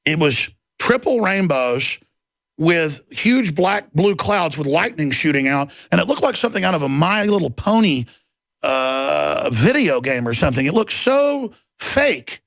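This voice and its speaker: A man's voice: a little high, sing-song, measured pace, vocal fry, fairly bright tone, no echo. A man hosting a talk radio show, delivering an intense, rambling monologue with emphatic outbursts. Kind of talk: ranting monologue. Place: radio studio.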